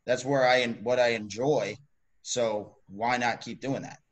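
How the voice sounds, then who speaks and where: A man co-hosting a podcast, talking in a relaxed, rambling way full of "like" and "you know". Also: mid-range voice, a little slow. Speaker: podcast co-host. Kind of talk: casual chat.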